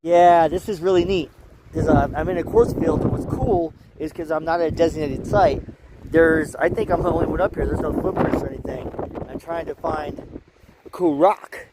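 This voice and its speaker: With heavy background noise behind him, a man whose voice is a little high talks at a moderate pace. He's an Alaskan hiker at a mountain campsite, chatty and somewhat tired, rambling through casual vlog narration into a handheld camera and cutting himself off repeatedly.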